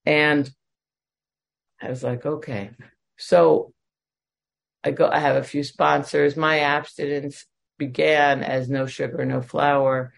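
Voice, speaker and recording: A woman's voice: deep voice, little pitch movement, slow pace, creaky, long pauses. A woman in her forties sharing a candid, emotional personal testimony with self-deprecating humor at a recovery meeting. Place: at home.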